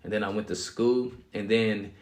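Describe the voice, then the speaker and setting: Lively man telling his story, low voice. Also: moderate pace. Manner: animated, acts out quotes, laughs often. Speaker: guest sharing his testimony. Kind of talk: casual storytelling.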